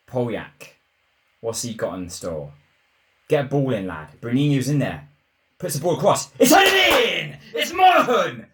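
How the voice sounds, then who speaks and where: Excitable low-voiced man gaming. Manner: excitable, shouts at goals, mutters when frustrated. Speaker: gaming YouTuber. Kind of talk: live game commentary.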